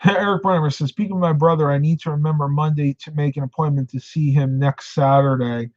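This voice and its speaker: Chatty middle-aged man, slightly high voice. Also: steady tone, a little fast, a little mellow, no echo, highs cut off. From upstate New York, United States. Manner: chatty, tells stories and answers viewer comments. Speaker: live-stream host. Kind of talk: casual live-stream chat.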